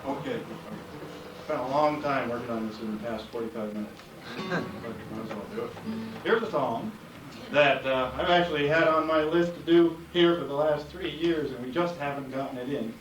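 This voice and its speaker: A man's voice: medium pitch, normal speed, over music. A man talking to a live audience between folk songs, in rambling, wry stage banter broken by fillers and jokes. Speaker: folk musician. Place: live concert venue with audience. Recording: roomy, distant live concert recording.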